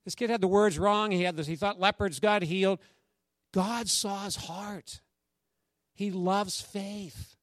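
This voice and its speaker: A male pastor with a slightly high voice preaches a sermon and tells a story along the way. He urges the congregation to answer him. The sound is dry and close, with no room echo. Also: measured pace. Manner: exhorting the congregation, lively call-and-response.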